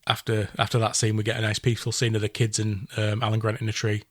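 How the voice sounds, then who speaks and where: A man with a lowish voice runs through a film plot at a brisk clip. He rambles and doubles back as he retells it for his co-host. The sound is close and dry, with no room around it. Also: no echo. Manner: rambling storyteller, animated retelling. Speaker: podcast co-host recapping a film. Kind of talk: casual chat.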